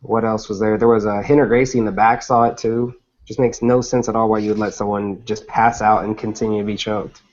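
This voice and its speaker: A man in a casual podcast chat, speaking in a flat, matter-of-fact way. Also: lowish voice, a little fast, hardly any pauses. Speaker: podcast co-host. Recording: dull lo-fi sound.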